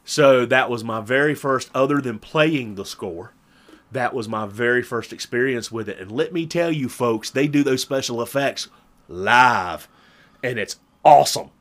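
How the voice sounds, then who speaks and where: A man's voice: mid-range voice, unhurried, a bit bright. Man with a Southern Virginia drawl. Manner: rambling storyteller, chuckles often. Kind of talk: casual chat.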